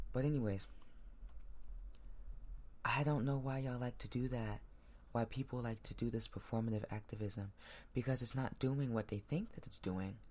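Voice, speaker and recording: A man hosting a solo podcast from his laptop at home, ranting in heated bursts that sometimes jump loud. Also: medium pitch. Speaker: podcast host.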